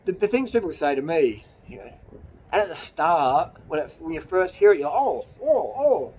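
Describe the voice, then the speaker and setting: A man's voice: fairly high pitch, animated, brisk, a little mellow, slight background noise. Rambling man ranting outdoors. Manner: rambling, blunt, swears, laughs at own jokes. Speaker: YouTuber. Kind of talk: rambling motivational vlog rant. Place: outdoors in the hills on a cold evening.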